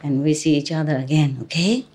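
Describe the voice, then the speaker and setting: A woman's voice: deep voice, brisk, a little mellow, breathy edge. A woman spiritual teacher giving an informal talk to an audience, chatty and teasing, laughing often, in English that is not her first language. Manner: non-native English phrasing.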